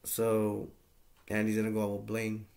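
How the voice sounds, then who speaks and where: Low, flat, gravelly-voiced man. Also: moderate pace. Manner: rambling, plain-spoken, with frequent fillers. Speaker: movie reviewer. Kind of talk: casual movie plot recap.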